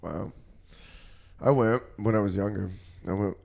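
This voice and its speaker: A man's voice: fairly low pitch, unhurried, gravelly. A young man co-hosting a casual podcast chat in a living room, laughing often and swearing freely. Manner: laughs often, crude and animated. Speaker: podcast co-host.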